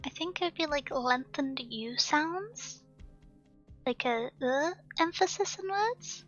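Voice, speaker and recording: Brief: high-voiced woman, British with a soft Welsh lilt, thoughtful rambling stream chatter, muffled lo-fi audio. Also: animated, slow. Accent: near-standard British with a Welsh lilt. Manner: musing, thoughtful, talks with many asides. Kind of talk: casual chat on a live stream. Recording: dull lo-fi stream audio with faint music.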